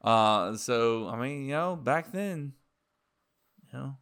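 A man's voice: medium pitch, slow pace, clean tone. A man from the South, telling a story in casual podcast chat. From American South. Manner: animated storytelling, acts out quoted voices.

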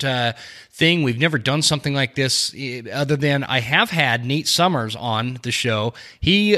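A male podcast host with a bright, forceful voice talks casually into his mic. He rambles, leans on fillers, and corrects himself mid-sentence. He sits in a small home studio. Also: mid-range voice.

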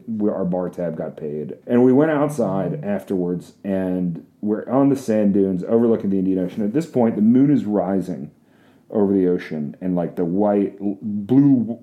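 A man's voice: on the low side, dark tone. A man telling a funny, crude personal story in a rambling, self-mocking way.

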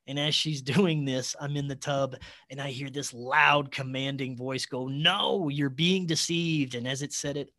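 A man, a podcast guest, telling a personal story in an excitable way, with sudden jumps in loudness. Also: medium pitch.

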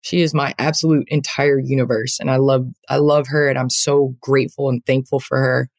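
A woman's voice: very deep voice, little pitch movement, a little fast. Earnest woman, a basketball player. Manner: earnest and reflective, many fillers. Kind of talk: heartfelt conversational interview.

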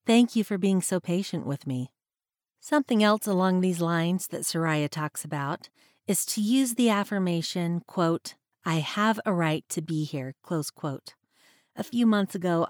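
A woman hosting a reflective faith-based podcast, speaking in a measured, earnest way and slowing down to read scripture. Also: lowish voice, a little mellow, no room sound, clean studio sound. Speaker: podcast host.

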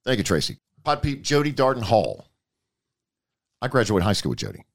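A man's voice: fairly low pitch, wildly swooping pitch, moderate pace, creaky. A man hosting a podcast in casual, rambling, folksy chat. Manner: rambling, folksy, repeats himself. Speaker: podcast host.

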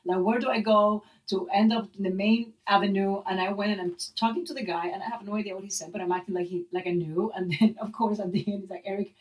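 A woman's voice: medium pitch, fairly even intonation, quick pace, hardly any pauses, distant mic, poor audio. A woman with a Puerto Rican accent, a native Spanish speaker, chatting playfully and defensively, laughing often. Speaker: co-host. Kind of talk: casual storytelling chat.

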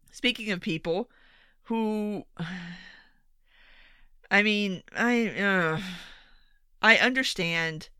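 A woman delivering an opinionated rant, exasperated and sarcastic, with frequent swearing. Her voice is bright and smooth, recorded close with a dry sound. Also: medium pitch, no echo. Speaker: commentator.

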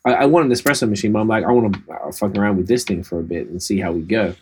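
A man's voice: lowish voice, rapid-fire, a little mellow, slight background noise. A man co-hosting a podcast, telling rambling, profane stories in casual chat. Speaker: podcast co-host.

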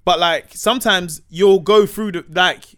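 A man's voice: high-pitched, measured pace, a bit bright. A man telling comic anecdotes on a podcast, slangy and acting out the voices of people in his stories. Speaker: comedian guest.

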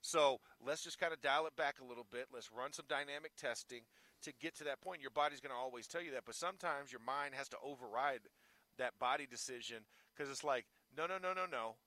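A former pro football player talking casually and telling stories animatedly. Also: male voice, mid-range voice, a little fast, no room sound. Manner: animated storyteller, acts out quotes. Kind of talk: casual sports talk.

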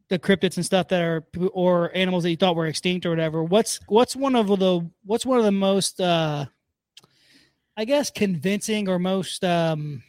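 High-voiced joking man hosting. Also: no echo. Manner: joking, laughs often, swears casually. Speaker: podcast host. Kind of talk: casual podcast chat.

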